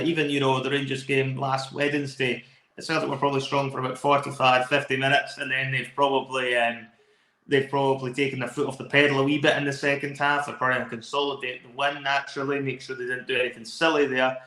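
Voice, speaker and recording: A man with a Scottish accent talks eagerly through long, unbroken football analysis as a podcast co-host. His mid-range voice comes across pushed and bright, and the space has a roomy echo.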